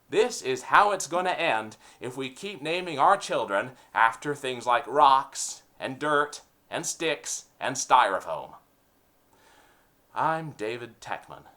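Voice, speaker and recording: Sarcastic man ranting with lively pitch. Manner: opinionated, sarcastic, punning. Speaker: host. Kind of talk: comedic rant.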